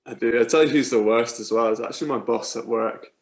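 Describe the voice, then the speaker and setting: A Scottish man in his twenties, a cricketer, chatting as a guest in a relaxed, joking way. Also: medium pitch, quick pace. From Scotland. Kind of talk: casual interview chat.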